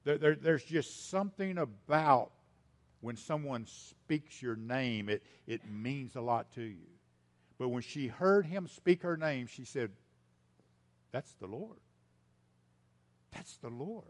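A male pastor delivering a sermon at a middle pitch. He repeats his key lines for emphasis and speaks straight to the congregation as folks, swinging from loud to hushed. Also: expressive, unhurried.

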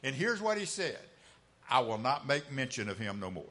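A man preaching an impassioned sermon, swinging between loud emphatic lines and hushed asides, with folksy, colloquial phrasing. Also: mid-range voice, very animated, moderate pace.

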